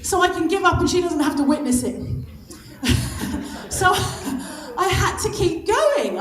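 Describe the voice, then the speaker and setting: A woman in her fifties giving an impassioned motivational speech on stage, stressing her points through repetition. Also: high voice. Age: 50s. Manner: impassioned, emphatic, repeats for stress. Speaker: guest speaker. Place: stage at a lunch event. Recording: echoey hall.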